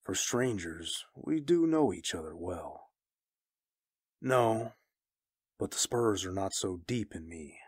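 A man's voice: low voice, lively intonation, slow, pauses often, husky, no echo, studio quality, full character voice. A man voicing a grim, weary wandering mercenary, speaking in a grave and somber way in an audio drama.

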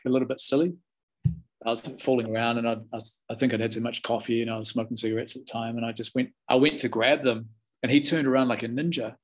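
A New Zealand man in his forties talks as an interview guest, telling anecdotes in a relaxed, chatty manner. His voice is husky and sits at a middling pitch. He often stops mid-sentence and starts over. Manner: laid-back and chatty, many restarts. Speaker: interview guest, former film extra. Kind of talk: casual storytelling.

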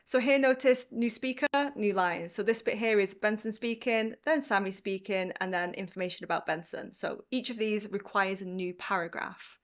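A woman's voice: medium pitch, moderate pace, few pauses. A woman English teacher explaining writing tips in a casual, chatty video lesson.

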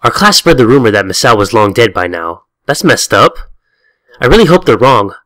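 A man's voice: medium pitch, moderate pace, no echo. A man hosting a let's-play video, joking and swearing while he reads the game's text aloud. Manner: animated, jokey and profane, slipping into silly voices. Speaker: gaming video host.

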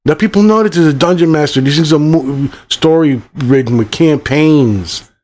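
A middle-aged man with a fairly high voice rants with frustration, cursing in almost every sentence. He jumps from one complaint to the next as he reviews a movie on his channel. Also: moderate pace, a little mellow. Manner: angry, swearing constantly, rambling. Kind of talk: profane ranting movie review.

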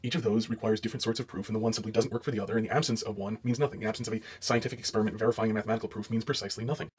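A man laying out a measured, lecturing argument in a clip from a video. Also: fairly low pitch, steady tone, breathy edge. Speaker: apologist in a clipped video. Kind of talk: explanatory argument.

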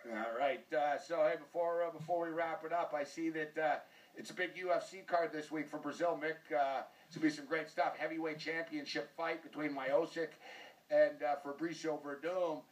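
A man with a North American accent hosts a casual sports show, rambling and joking at his own expense. His voice sits a bit high and sounds a little distant from the mic. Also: fairly even intonation, moderate pace. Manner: rambling, joking, self-mocking. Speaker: host.

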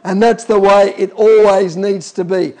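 A man's voice: sits high, fairly even intonation, a little slow, a little mellow. A man preaching a sermon, emphatic and calling out to the congregation.

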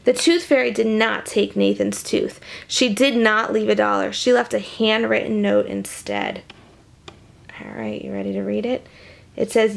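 Gravelly woman reading a picture book to kids. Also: mid-range voice, measured pace. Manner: animated, chatty, drops to whispers. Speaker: children's story reader. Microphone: camera.

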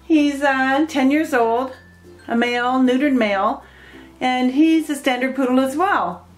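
Casual pet vlogger, woman, higher voice, echoey home room with faint music under it. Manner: chatty, rambling, coos baby talk at her pets. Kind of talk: casual show-and-tell. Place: home with pets.

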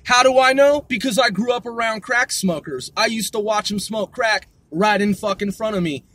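A man's voice: sits high, normal speed, a bit bright, no room sound. A man delivering a heated, profanity-laden monologue, repeating himself as he builds up steam. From United States. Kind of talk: ranting monologue.

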